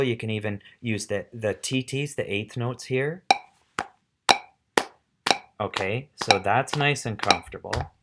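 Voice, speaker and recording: A man's voice: medium pitch, heavy background noise. A middle-aged man teaching music, patiently explaining step by step and counting rhythms aloud. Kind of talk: casual instructional demo.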